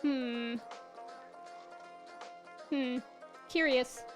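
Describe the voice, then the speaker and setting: A woman's voice: sits high, steady tone, drawn-out words. A young woman streaming a farming game, chatting casually, giggling and greeting her viewers as she plays. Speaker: livestreamer. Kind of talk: casual chat while playing a game. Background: faint game music.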